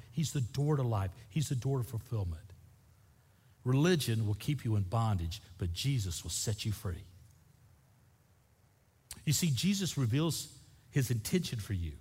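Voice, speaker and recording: A middle-aged man preaching a sermon as pastor, emphatic, swinging from loud bursts to soft asides. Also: mid-range voice, husky. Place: church sanctuary. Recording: long church hall reverb.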